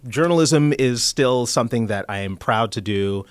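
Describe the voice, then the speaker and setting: A man co-hosts a casual chat show with playful, expressive banter. His medium-pitched voice swings widely in pitch, and the recording is dry and close. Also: moderate pace, smooth, dry recording. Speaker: co-host.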